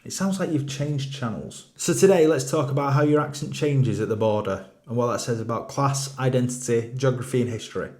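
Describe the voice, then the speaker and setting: A man presents a scripted explainer monologue. His pitch sits in the middle, and his delivery is wry and jokey, slipping into quiet, dry asides. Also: a little fast, few pauses.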